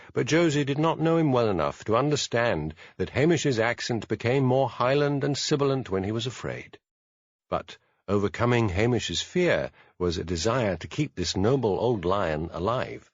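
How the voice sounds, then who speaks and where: Male narrator, expressive, lively pitch, dry close sound, slightly dull. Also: no room sound. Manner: expressive storytelling. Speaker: audiobook narrator. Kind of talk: scripted narration.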